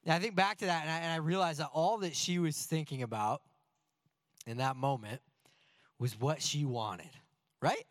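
A man in his thirties preaches with lively, story-driven energy, often turning to rhetorical questions. His voice sits a little high for a man. The recording is dry and close, with no room echo. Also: normal speed, long pauses. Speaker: pastor. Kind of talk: sermon.

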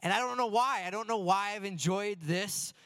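A man on a church's staff delivers a sermon through a funny personal anecdote. His voice sits a bit high and sounds dry, with no room echo. He tells the story with animation and gently pokes fun at himself. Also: moderate pace, clear, resonant tone. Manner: animated, self-deprecating anecdotes. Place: church sanctuary before a congregation.

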